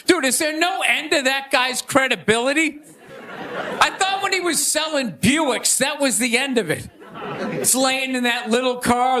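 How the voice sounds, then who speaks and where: A man hosting a show and doing a stand-up monologue, animated and shouting his punchlines. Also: very high-pitched, normal speed. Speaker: comedian and show host. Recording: live club with crowd laughter and noise.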